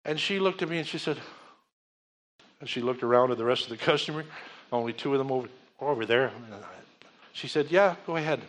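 A man's voice: medium pitch, fairly quick, long pauses, a bit bright. A man preaching a sermon, telling stories in a conversational way and calling out to the congregation. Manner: conversational storytelling preaching with audience call-outs.

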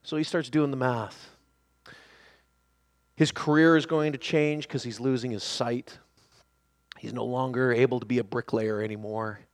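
A man preaching a sermon who swings between hushed, quiet passages and loud, excited shouting. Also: mid-range voice, normal speed, pauses often.

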